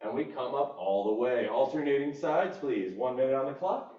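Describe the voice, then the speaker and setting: A man's voice: mid-range voice, expressive, normal speed, background noise. A male fitness instructor cueing a live workout class, upbeat and encouraging as he counts down reps. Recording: roomy echo, distant mic, dull sound.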